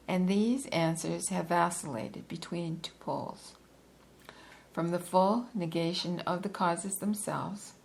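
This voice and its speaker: A woman reading a philosophy book aloud in a measured, deliberate way, stopping now and then for a quick aside or to correct herself. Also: lowish voice, gravelly, a little hiss or hum, rough recording. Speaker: reader.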